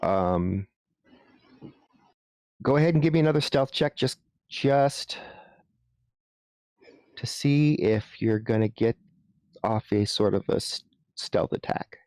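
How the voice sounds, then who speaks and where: A man running a tabletop game as game master, explaining rules in a halting way with frequent restarts. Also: fairly low pitch, animated, darkish tone, no room sound, studio quality.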